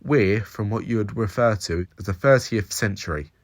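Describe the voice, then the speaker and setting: A man doing a tall young man from the future in an audio story, talking with a thick Cockney accent. He sounds casual, cheerful and self-assured, a bit louder than the reader's narration. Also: fairly low pitch, normal speed, dry recording, studio quality, lightly acted. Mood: smug.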